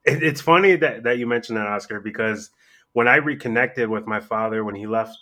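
A man in casual podcast chat, telling animated stories and acting out quotes with lots of swearing. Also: lowish voice, fairly quick. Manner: animated storyteller, acts out quotes loudly, swears a lot. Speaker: podcast co-host.

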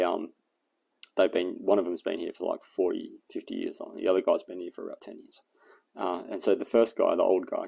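A man telling a rambling story and thinking aloud about his plans in a casual vlog, with plenty of fillers. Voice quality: gravelly, low and dark. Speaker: fitness and survival vlogger.

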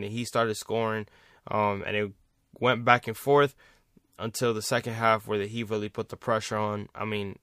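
A man's voice: medium pitch, fairly bright tone, dry recording, clean studio sound. Blunt, profane man ranting about sports. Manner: blunt, profane, repeats points for emphasis. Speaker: sports commentator, vlog host. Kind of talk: casual sports rant.

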